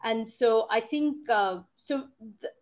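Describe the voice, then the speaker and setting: A woman answering audience questions in an online session, expressive and emphatic, stressing words to make her point. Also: on the high side, slow pace. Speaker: featured dancer and speaker. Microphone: video call.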